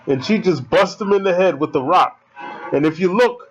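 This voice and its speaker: A man giving casual commentary over a horror film, excitable and swearing as he talks back at the screen. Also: a little high, moderate pace. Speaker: fan commentator. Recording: dull lo-fi sound with faint film music.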